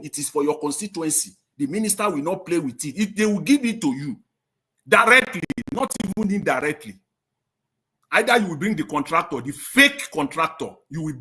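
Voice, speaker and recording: A man's voice: on the high side, pushed and bright. A man, speaking as a panelist in a live-stream discussion, impassioned and indignant, pressing with rhetorical questions.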